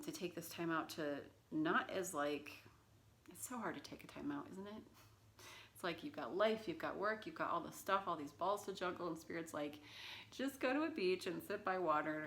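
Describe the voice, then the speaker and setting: A woman's voice: low-pitched, fairly bright tone. A woman giving a casual tarot reading, chatty and rambling, with plenty of fillers and asides. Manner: talks baby talk to her cat. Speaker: tarot reader.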